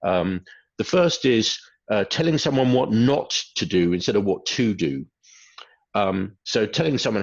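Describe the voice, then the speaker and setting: Man, gravelly voice, hesitant lecturer, dull lo-fi audio. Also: lowish voice, expressive, moderate pace. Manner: hesitant, many fillers, acts out quoted phrases. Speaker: webinar presenter on behaviour.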